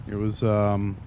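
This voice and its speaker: A man in his thirties with a lowish, gravelly voice chats casually and at length with viewers while streaming a game. A self-described talker, he rambles on, and the stream audio is lo-fi and noisy.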